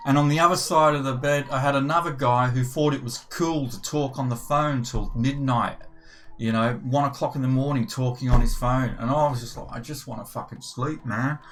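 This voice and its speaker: A man's voice: medium pitch, steady tone, fairly quick, a bit bright. An older British man chatting casually on a gaming livestream, rambling and swearing freely as he tells a story. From United Kingdom. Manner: rambling and profane, with frequent swearing and restarts. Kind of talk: casual chat.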